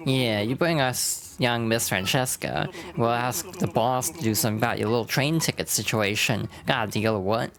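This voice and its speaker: A woman voicing a gruff male mobster goon in a game, talking in tough-guy slang. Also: a bass voice, normal speed, hardly any pauses, crowd noise.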